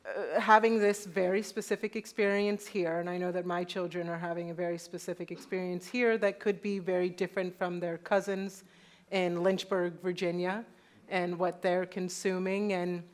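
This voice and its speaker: Brief: woman host on a stage panel, lowish voice, dry humor, easygoing. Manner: relaxed, wry storyteller. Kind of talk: live panel discussion. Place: on stage in a town hall venue.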